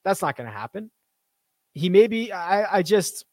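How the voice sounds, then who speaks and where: A young man hosting a casual live stream, reading viewer questions and chatting with quick asides. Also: high voice, big pitch swings, darkish tone, no room sound, studio quality. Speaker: host of a fantasy golf stream.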